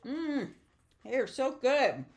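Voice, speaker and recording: A woman's voice: high voice, sing-song, slow, a little hiss or hum. A middle-aged woman teaching a papercraft project, chatty and upbeat as she talks viewers through each step. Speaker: stamping and papercraft instructor. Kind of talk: casual craft tutorial.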